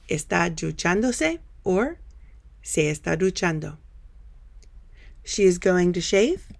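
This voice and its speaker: A woman teaching a Spanish grammar lesson over slides, patiently explaining step by step and telling students to pause and practice. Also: fairly low pitch, vocal fry.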